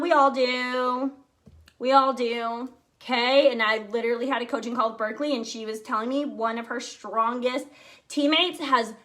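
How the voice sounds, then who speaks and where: A woman sales team director giving an energetic, chatty motivational talk, speaking straight to her listeners. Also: fairly high pitch.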